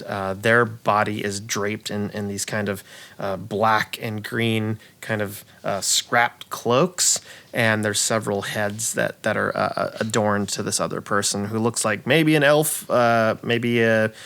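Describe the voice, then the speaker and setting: A man's voice: fairly low pitch, a bit bright, clean tone. A man narrating a tabletop game as dungeon master, describing scenes in a rambling way with many fillers.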